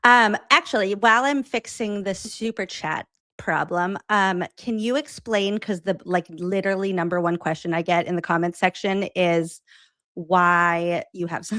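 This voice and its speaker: A woman host with a lowish voice chats casually and fills her talk with "like" and quick laughs. She sounds close to the mic in a dry room. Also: fairly bright tone, no room sound. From Massachusetts. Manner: chatty, filler-heavy, laughs easily. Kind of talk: casual chat.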